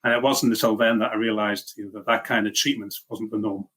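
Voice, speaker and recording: This interview guest is a middle-aged software engineering leader from Liverpool, England, with a blended Liverpool and Welsh accent. He talks quickly in a lowish, husky, fairly bright voice with little pitch movement, keeping the chat casual, self-deprecating and packed with fillers and restarts.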